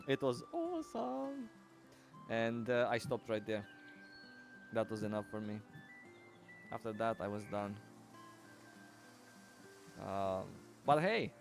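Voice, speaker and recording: A man hosting a live stream with an even, middle-pitched voice, chatty and friendly as he reads out and answers his viewers. Soft music plays faintly underneath. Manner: greets and thanks viewers by name, chatty. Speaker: livestreamer. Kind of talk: casual livestream chat.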